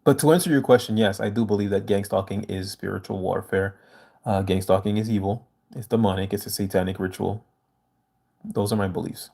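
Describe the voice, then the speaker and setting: Guy on a livestream, lowish mellow voice, earnest and emphatic, answering chat. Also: steady tone, a little fast, gravelly. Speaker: livestream host reading viewer comments.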